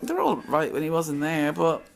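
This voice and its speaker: A woman's voice: low voice, very animated, moderate pace, gravelly, soft background music, poor audio. Blunt, chatty woman storyteller. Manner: chatty, blunt, acts out quoted exchanges. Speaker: channel host. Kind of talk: casual storytelling monologue.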